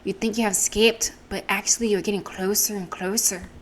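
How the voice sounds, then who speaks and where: A woman voicing a cryptic, prophetic female seer in a game, with a put-on Irish accent, speaking slowly and solemnly. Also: mid-range voice, steady tone, a little hiss or hum, close to an everyday voice. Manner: slow, solemn, riddling. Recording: game music behind. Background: game music.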